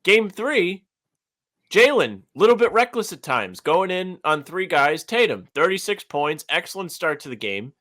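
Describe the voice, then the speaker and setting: This young podcast co-host talks in a high, sharp voice that swings widely in pitch, keeping a measured pace. His casual chat is loose and heavy with fillers, especially "like," and he keeps restarting his sentences.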